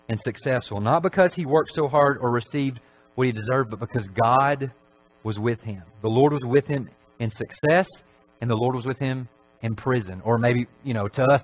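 A man preaching a Sunday evening sermon in a church, talking in a relaxed, conversational way with frequent filler phrases. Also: medium pitch, low-quality recording.

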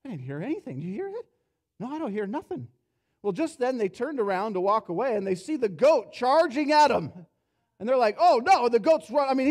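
A pastor preaching a sermon in a church, telling a story and acting out its characters, dropping soft and low for reflective points. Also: male voice. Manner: storytelling, acts out characters' lines with rising energy. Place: church sanctuary.

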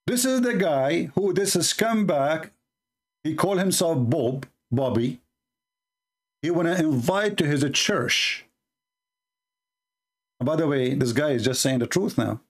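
A man's voice: fairly high pitch, animated, takes it slowly, long pauses. A man hosting live commentary on video clips, speaking with indignant, emphatic repetition. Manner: indignant, emphatic, repeats words for stress. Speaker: religious commentary host.

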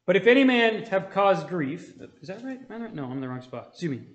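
A man with a notably high voice teaches a church Bible study, conversational and loose. He keeps asking his listeners for an amen. The room rings around him with plenty of echo. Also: very animated, quick pace, highs cut off. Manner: conversational, asks the room for amens. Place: church hall.

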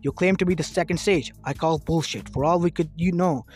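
A man reading out a proud, resentful village leader who boasts and sneers. The voice is slightly high-pitched, with soft lo-fi music in the background. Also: a little fast, natural voice. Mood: taunting. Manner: boastful, taunting. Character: arrogant bitter male village leader.

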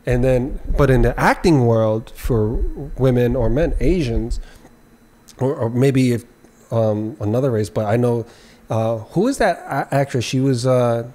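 A man hosts a relaxed podcast conversation, asking pointed questions. He talks in a halting way, with frequent false starts. His voice sits at an ordinary middle pitch. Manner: halting, many restarts, probing questions. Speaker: podcast host. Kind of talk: casual podcast chat.

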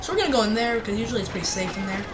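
This gaming channel host speaks rapid-fire in a mid-range voice over background noise. Her casual gameplay commentary is excitable, punctuated by yelps and cheers while she plays.

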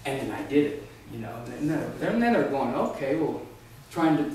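A man's voice: mid-range voice, expressive, normal speed, darkish tone. A man from Texas giving a humorous contest speech at a speaking workshop, with a theatrical, punchy alliterative delivery. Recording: echoey room from far off, faint noise.

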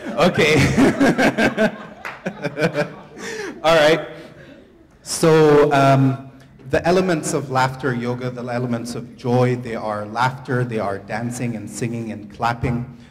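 A man's voice: medium pitch, steady tone, a little slow. A man leading a laughter yoga workshop for a live group, playful and coaxing, speaking into a handheld microphone. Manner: playful, upbeat, coaxing a crowd. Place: large hall before a live audience. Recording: echoey hall, faint crowd noise.

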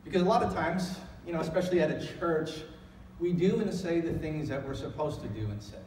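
A middle-aged man with a slightly high voice preaches a Sunday sermon, talking to the room conversationally and swelling into emphatic calls. He sounds a little distant from the mic, and his voice rings through a long, echoing church hall. Faint room noise sits underneath. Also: brisk, a little mellow. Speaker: pastor. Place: church sanctuary.

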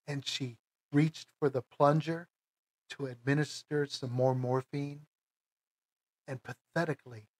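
A middle-aged man from the United States, telling a personal story in a casual, emotional, halting way, with many restarts. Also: mid-range voice, steady tone, no echo. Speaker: vlogger.

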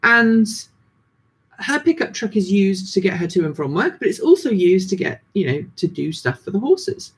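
Husky British-accented voice, chatty host. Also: medium pitch, sing-song, normal speed. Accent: British, drifting toward American. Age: 30s. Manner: rambling, many ums and restarts. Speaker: livestream host. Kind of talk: casual livestream chat.

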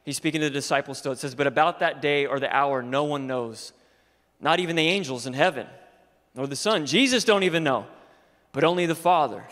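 High-voiced young man preaching in a hall. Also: fairly quick. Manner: swings from quiet and low to shouting exhortation. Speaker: youth pastor. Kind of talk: energetic sermon. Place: church sanctuary.

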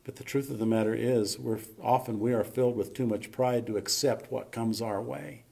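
A man preaching in a church with a gravelly, rough-edged voice at an ordinary pitch. He talks in a folksy, storytelling way and then drives his points home with loud, emphatic bursts. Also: steady tone, moderate pace. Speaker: pastor. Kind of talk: sermon. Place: church sanctuary.

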